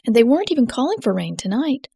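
A woman doing a polite, apologetic stranger, higher and gravelly. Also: big pitch swings, quick pace, mellow, no echo, clean studio sound, exaggerated voice. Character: polite tall young woman caught in rain.

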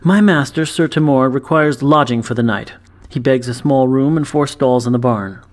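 A man voicing a young squire with a brisk, deadpan delivery. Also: mid-range voice, natural voice. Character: young male squire, dry and sly.

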